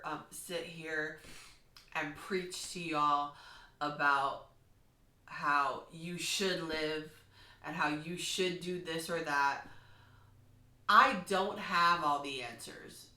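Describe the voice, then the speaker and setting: A woman's voice: lowish voice, bright, forceful tone. A woman giving an emotional, rambling personal tribute, laughing through tears. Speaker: vlogger. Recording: echoey room.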